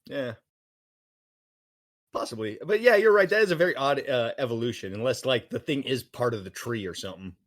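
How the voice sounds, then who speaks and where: A man co-hosting a relaxed podcast, trading sarcastic jokes. His pitch moves expressively, and he drops into silly voices to mock what he is describing. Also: a little fast. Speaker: podcast co-host. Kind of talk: casual chat.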